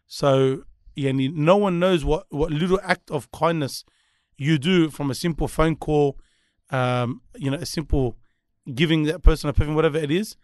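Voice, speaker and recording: A young Australian man with a slightly high voice speaks earnestly and reflectively. His sentences often trail off and restart, and the studio sound is close and dry. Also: moderate pace, hardly any pauses, darkish tone, no room sound. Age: young adult. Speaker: guest speaker. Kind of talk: casual chat.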